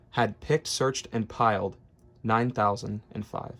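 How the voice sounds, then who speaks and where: A man reading a children's rhyming picture book aloud in a steady, rhythmic way, his voice trailing softer at the ends of lines. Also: medium pitch, measured pace, soft background music. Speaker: storybook reader.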